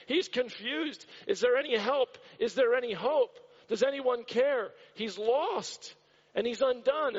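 American pastor, high voice, repetitive storyteller, muffled church recording. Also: male voice, slightly rough. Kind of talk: sermon. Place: church hall. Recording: dull recording with long hall reverb.

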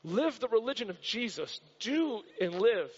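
High-voiced pastor preaching in a reverberant hall. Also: male voice, very animated, measured pace, slightly rough. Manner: storytelling, dramatic repetition. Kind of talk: sermon. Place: church hall. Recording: dull recording with long hall reverb.

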